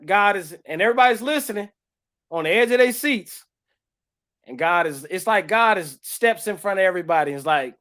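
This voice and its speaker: A man co-hosting a faith podcast, sharing an emotional testimony in casual talk, swinging from loud bursts to hushed lines and breaking into tearful laughter. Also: sits high, animated, a little fast. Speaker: podcast co-host.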